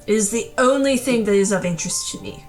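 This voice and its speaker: A woman playing a tabletop role-playing game, speaking in character in a measured, formal way. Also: medium pitch, soft background music, rough recording.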